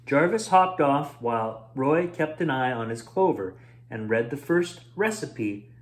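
A man hosting a bedtime story show, reading a children's book aloud expressively. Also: mid-range voice. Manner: expressive, drawn-out read-aloud.

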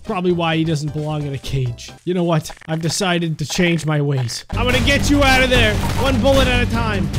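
A young man giving excitable gameplay commentary, laughing and talking to the characters on screen. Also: fairly high pitch. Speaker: gaming YouTuber. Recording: music playing behind.

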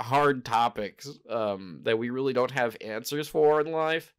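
Man, podcast host, casual solo talk, rambling, hesitant, self-correcting, clear smooth tone. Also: medium pitch, a little slow. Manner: rambling, hesitant, often correcting himself mid-sentence. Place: home in Japan.

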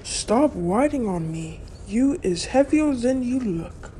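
A woman voicing a gruff, bossy animal that guards its area. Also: a little high, lively intonation, slow, heavy background noise.

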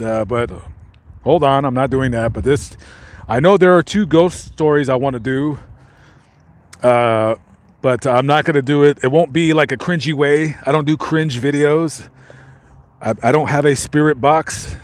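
With a mid-range voice and measured pace, a vlogger wanders about while casually addressing his live stream audience and reading their chat. His talk rambles, full of fillers and restarts.

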